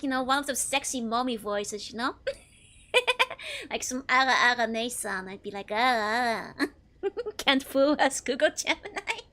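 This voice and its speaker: A woman's voice: high voice, a bit bright. A woman streamer chatting casually while playing a game, giggling often and rambling with many fillers. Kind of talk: casual gameplay chat.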